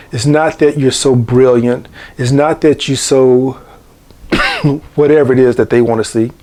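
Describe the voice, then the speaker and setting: Middle-aged man, host monologue, preachy and repetitive, warm dark tone. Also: medium pitch. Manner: preachy, repeats key phrases. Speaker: channel host. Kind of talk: monologue to camera.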